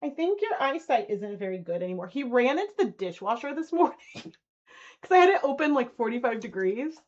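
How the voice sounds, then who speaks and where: A woman in her thirties hosts a live stream, chatting easily while she works at her spinning wheel. Her voice sits on the high side and comes through muffled and lo-fi. She talks in a loose, giggly way. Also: lively intonation, a little fast, darkish tone. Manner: chatty, giggly, cooing baby talk to her dog. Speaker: fiber arts channel host.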